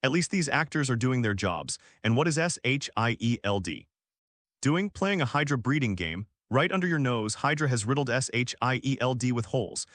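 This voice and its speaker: A man's voice: mid-range voice, expressive, normal speed, fairly bright tone, dry recording, studio quality, lightly acted. A man reading the lines of a cocky, sarcastic billionaire inventor, in a mocking tone.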